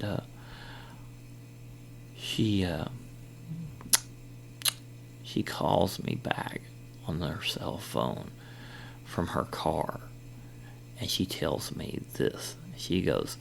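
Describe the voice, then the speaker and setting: Middle-aged male podcast host, low gravelly voice, rambling storyteller. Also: a little hiss or hum. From Kentucky. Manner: rambling, many fillers and retold dialogue. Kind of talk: casual storytelling.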